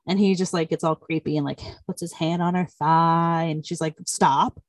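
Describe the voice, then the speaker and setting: A woman's voice: low voice, fairly even intonation, a little fast, no echo. Young woman, casual plot recap, rambly and filler-heavy, dry close sound. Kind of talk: casual chat.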